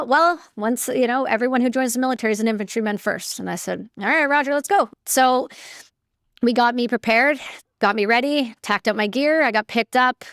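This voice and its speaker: A woman's voice: on the high side, a bit bright, clean tone, dry recording, studio quality. A woman, a guest telling her story in a candid, chatty way with casual fillers. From Canada. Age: 30s. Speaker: guest, military veteran.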